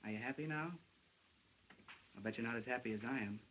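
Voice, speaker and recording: An actor playing a cocky, wisecracking newspaper reporter in an early 1930s film. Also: male voice, medium pitch, a little fast, a bit bright, slight background noise, natural voice, rough recording. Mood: pleading tender. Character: brash wisecracking male reporter in love.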